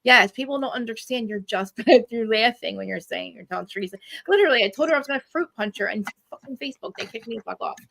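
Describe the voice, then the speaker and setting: A woman with a New Jersey accent, chatting as a podcaster guest on a video call, animated and laughing, swearing freely. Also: fairly high pitch, fast talker, vocal fry, few pauses, slight background noise. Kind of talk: casual chat.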